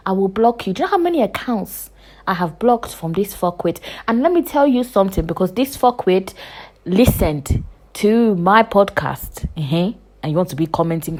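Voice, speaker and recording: Woman in her 20s, podcast host, solo rant: swears hard, repeats herself, jumps from loud outbursts to hushed asides. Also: lowish voice. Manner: heated, profane ranting with repetition; animated, swings between loud bursts and hushed asides. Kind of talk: casual podcast monologue.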